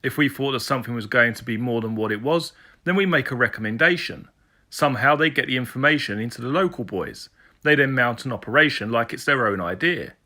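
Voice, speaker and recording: A man's voice: mid-range voice, lively intonation, brisk, sharp tone. A man voicing a Welsh police sergeant who talks in a blunt, teasing way, with a Welsh accent. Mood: joking. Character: Welsh male police sergeant, jokey and crude.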